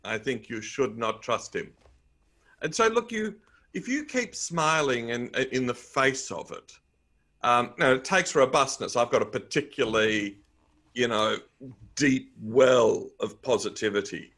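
A man's voice: mid-range voice, animated, a little slow, a bit bright. A middle-aged man with an Australian accent, a guest in a conversational interview, telling upbeat anecdotes. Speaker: guest, author and speaker.

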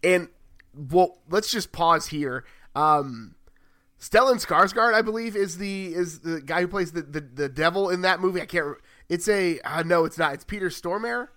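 A man co-hosting a podcast in casual chat, rambling and correcting himself as he thinks out loud. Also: high voice, animated, normal speed, dry recording. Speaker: podcast co-host.

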